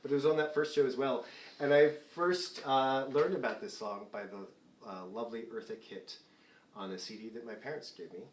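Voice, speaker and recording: A man's voice: medium pitch, fairly quick, echoey room, slight background noise. A man in his forties hosting a concert from afar, chatting casually between songs in a self-deprecating way and often laughing. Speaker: singer hosting a fundraising concert. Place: performing remotely, away from the stage.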